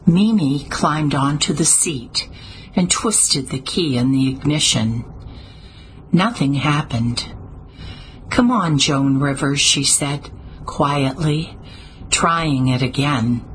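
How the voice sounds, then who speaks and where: A woman narrating a story in a steady, measured way, with small slips now and then. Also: deep voice, slight background noise, poor audio. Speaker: audiobook narrator. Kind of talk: scripted narration.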